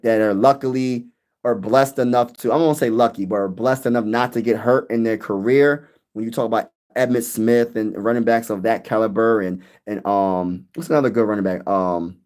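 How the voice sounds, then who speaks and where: A young man hosting a casual sports talk stream, chatty and animated, answering viewer comments as he goes. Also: lowish voice. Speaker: sports channel host.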